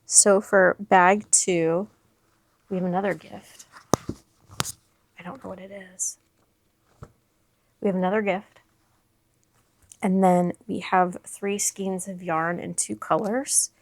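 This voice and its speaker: A woman hosting her crochet channel, gushing with excitement as she unboxes and shows off yarn, dropping into whispered asides. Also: mid-range voice, slow, pauses often, no echo.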